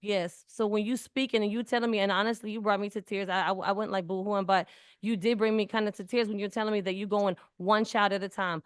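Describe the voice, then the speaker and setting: A woman's voice: medium pitch, fairly even intonation, fast, clean tone, no echo, studio quality. A woman in her forties, talking in an earnest, emphatic way in casual conversation and often repeating words. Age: 40s. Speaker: community speaker.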